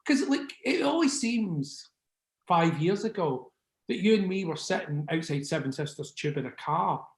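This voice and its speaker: A man's voice: a little high, sing-song, normal speed, echoey room. A Scottish man in his sixties chatting in an interview, rambling and sweary, forever asking "do you know what I mean". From Scotland. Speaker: interviewee, record label founder. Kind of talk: casual interview chat.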